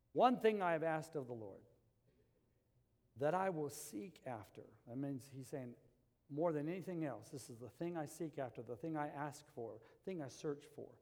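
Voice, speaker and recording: A middle-aged male pastor preaching a sermon and telling stories, dropping to a hush and then rising loud. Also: on the high side. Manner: storytelling preacher, swings from hushed to loud. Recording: long hall reverb.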